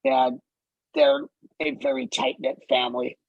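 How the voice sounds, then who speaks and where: A man hosting a casual chat, telling stories in an animated way, swearing freely and laughing as he talks. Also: extremely high pitch, measured pace, creaky, dry recording, dull audio. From Los Angeles area. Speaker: podcast host.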